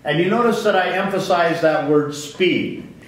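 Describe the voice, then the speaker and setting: A man's voice: high-pitched, normal speed, recorded from a distance. A man giving a physics lecture to a class, asking questions and answering them himself. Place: lecture hall. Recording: very echoey hall, voice from off-mic.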